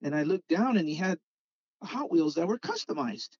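A man with a fairly high voice tells a long, rambling story in casual chat and slips into lively voices when he quotes his friends. The recording sounds dry and a little dull, as if the audio was squeezed. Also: moderate pace, husky, dry recording. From Southern California. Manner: rambling, animated when quoting others. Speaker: guest, Hot Wheels customizer.

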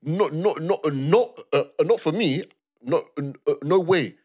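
A young man chats on a podcast. He tells the story in an animated way, acts out what people said, and repeats his words as he goes. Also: fairly high pitch, a little slow, husky. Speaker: podcast co-host. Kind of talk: casual chat.

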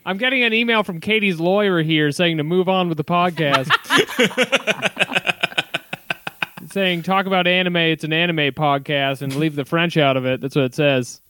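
A man's voice: fairly high pitch, normal speed, bright, forceful tone, slight background noise. A man co-hosting a casual comedy podcast, riffing on jokes with crude humor. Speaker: podcast co-host.

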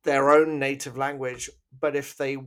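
A man's voice: mid-range voice, flat delivery, unhurried, fairly bright tone. A man co-hosting a casual film review podcast, upbeat and teasing, laughing easily. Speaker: podcast co-host.

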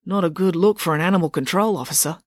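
A woman voicing a stern, steady male police constable who speaks firmly and with authority, read as an audiobook character voice. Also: lowish voice, fast talker, no room sound, clean studio sound, lightly acted. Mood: grim. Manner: firm and authoritative.

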